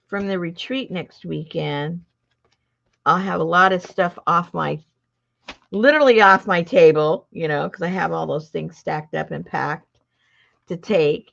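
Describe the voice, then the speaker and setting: Crafting-show host, woman, low gravelly voice, rambling chat, lo-fi sound. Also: fairly bright tone. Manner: rambling, chatty, self-interrupting. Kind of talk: casual chat while crafting.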